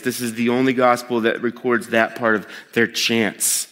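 A man preaching a sermon as pastor, talking in a lively, conversational way that swings between excited bursts and hushed asides. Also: mid-range voice, moderate pace, hardly any pauses. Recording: long hall reverb.

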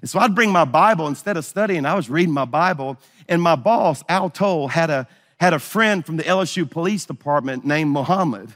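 A man's voice: on the high side, expressive, brisk, a bit bright, big-room sound. A middle-aged man preaching a sermon, telling a story and acting out the dialogue. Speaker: pastor.

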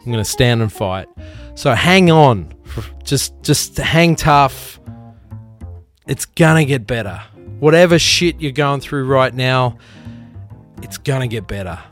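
A man's voice: medium pitch, animated, slow pace, long pauses, faint music behind. A man hosting a podcast, giving a rambling, profane, earnest pep talk and telling a story. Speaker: podcast host. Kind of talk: casual pep talk and anecdote.

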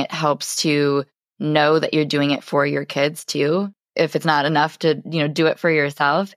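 A woman's voice: low voice, dry recording, clean studio sound. A woman hosting a podcast, affirming and reflecting on her guest's points in conversation. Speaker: podcast host.

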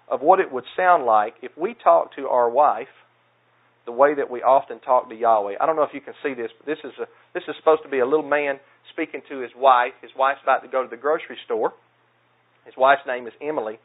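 A male pastor with a Southern US accent delivers a sermon in an earnest, plain-spoken, self-deprecating way. His voice sits at a middling pitch and comes through a thin, phone-like channel. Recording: tinny phone-like sound.

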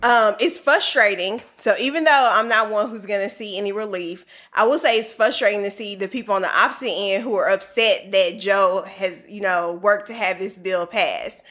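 A woman's voice: mid-range voice, moderate pace, few pauses, a bit bright. A woman on a casual panel discussion, earnest and opinionated, rambling with lots of "like" and "you know".

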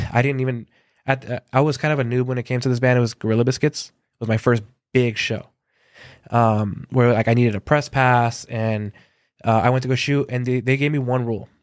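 A man from Southern California, a concert photographer, telling lively anecdotes in a casual interview and acting out quoted dialogue, with a lot of filler words. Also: mid-range voice, brisk, no echo, clean studio sound.

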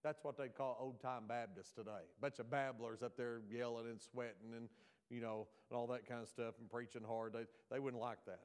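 A man's voice: mid-range voice, fairly even intonation, fairly quick, clear, resonant tone. A man with a Southern American accent, preaching a folksy sermon full of jokes and asides to the congregation.

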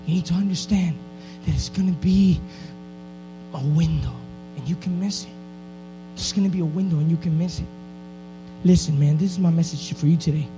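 Man, preacher, high voice, impassioned sermon, soft music behind. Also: a little fast, long pauses, poor audio. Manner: preaching with rising intensity into shouted exhortation.

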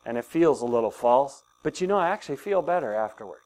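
An older man preaching a sermon to his congregation, animated and often laughing as he talks. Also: mid-range voice, fast. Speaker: pastor.

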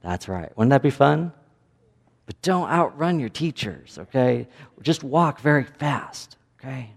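A man's voice: mid-range voice, expressive, unhurried, gravelly. A man with a Midwestern American accent, a pastor giving a playful children's sermon and asking the children questions. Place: church sanctuary. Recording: echoey church hall.

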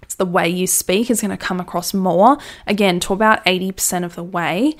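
A woman's voice: fairly low pitch, steady tone, brisk. A woman giving a casual, enthusiastic how-to talk about writing content, chatty and full of fillers. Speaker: brand copywriting coach.

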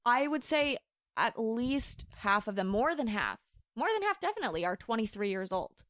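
A woman's voice: on the high side, very animated, normal speed, a bit bright, no room sound, studio quality. A young woman co-hosting a podcast, chatting casually with lots of "like" fillers and a playful tone. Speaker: podcast co-host. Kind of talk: casual chat.

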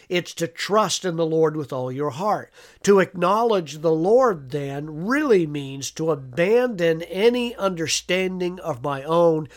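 A man preaching a devotional sermon, earnest, with frequent "uh" fillers and repeated words. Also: on the high side. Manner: earnest, reads scripture aloud with emphasis.

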